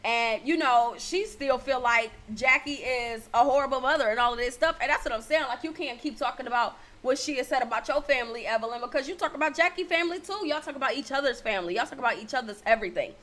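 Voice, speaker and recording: Sassy, profane high-voiced woman. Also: fast, few pauses, fairly bright tone. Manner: sassy, blunt and profane, laughs often. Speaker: TV show reviewer. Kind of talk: casual recap vlog.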